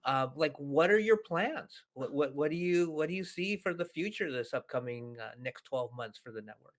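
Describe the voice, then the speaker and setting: A man's voice: on the high side, lively intonation, moderate pace. A man hosting a podcast, chatting casually and upbeat with his guest. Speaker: podcast host. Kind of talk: casual interview chat.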